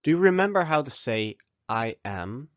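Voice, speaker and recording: A man of middle pitch leads a scripted language lesson, pausing so the listener can repeat each phrase. He speaks close to the mic in a dry room. The recording sounds a little dull and muffled. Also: sing-song, dry recording. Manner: slow, deliberate model pronunciation with pauses for repeating. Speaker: language teacher.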